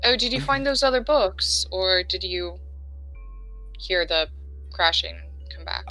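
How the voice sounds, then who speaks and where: A woman's voice: fairly low pitch, lively intonation, unhurried, pushed and bright, faint music behind, exaggerated voice, low-quality recording. A woman voicing a polite, curious female adventurer who speaks formally and courteously.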